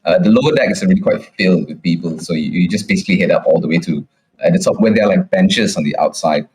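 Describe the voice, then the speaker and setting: A man's voice: low voice, fast, darkish tone, low-quality recording. A man narrating as the dungeon master of a tabletop game, hesitant, with many restarts.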